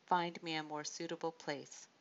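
A woman's voice: low voice, level tone, moderate pace. A woman narrator voicing a bitter, wounded young queen who speaks resentfully and sharply. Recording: dull lo-fi audiobook recording.

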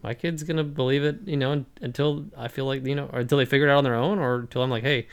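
A man's voice: medium pitch, fairly even intonation, racing, smooth. A young man in casual chat, blunt and profane, rambling through stories.

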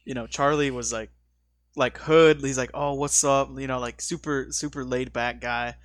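A relaxed man recounts an anecdote to friends, stacking fillers and "he's like" before each quote. His voice is mid-pitched and recorded close in a dead, dry space. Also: normal speed, dry recording. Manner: laid-back, filler-heavy, repeats "he's like". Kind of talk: casual storytelling chat.

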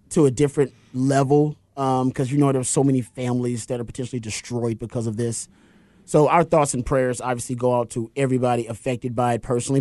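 A man co-hosts a casual sports talk show and tells things in a loose, conversational way. He often stumbles and restarts his sentences. His mid-pitched voice is recorded dry and close. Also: a little mellow, no echo. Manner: conversational storyteller, hesitant restarts. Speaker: co-host.

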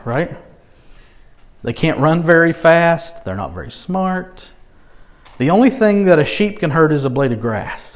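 A man preaching a sermon, expressive, asking rhetorical questions and swinging from quiet asides to emphatic peaks. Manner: expressive, rising to emphatic peaks and dropping low. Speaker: pastor.

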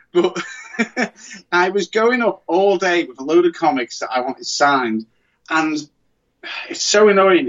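A man talks in a loose, rambling way, often circling back and restarting his sentences. His voice sits a little high. The recording sounds dull and lo-fi. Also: fairly bright tone. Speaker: podcast co-host. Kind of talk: casual chat.

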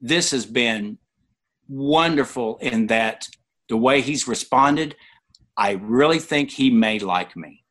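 Older man telling animated stories. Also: slow pace. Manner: animated, voices other people in quotes with sudden pitch jumps. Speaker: interview guest. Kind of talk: conversational personal storytelling.

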